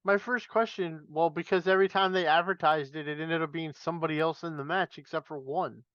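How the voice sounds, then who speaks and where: A man's voice: fairly high pitch, steady tone, a little fast, fairly bright tone, dry recording, muffled recording. A man hosting a podcast, leading casual wrestling chat and laughing easily. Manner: leads questions, laughs easily. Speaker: podcast host.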